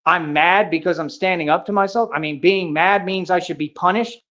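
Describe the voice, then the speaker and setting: A man rants heatedly on a livestream in a high, bright, forceful voice, speaking a little fast while boasting and confronting, with plenty of street slang, "bro" and "real talk." Dull, lo-fi stream audio carries it.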